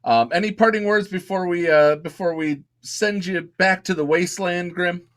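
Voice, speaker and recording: A man hosts a podcast and fires off chatty questions, often restarting his words. His voice sits slightly high. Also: normal speed, fairly bright tone. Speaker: podcast host. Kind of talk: casual interview chat.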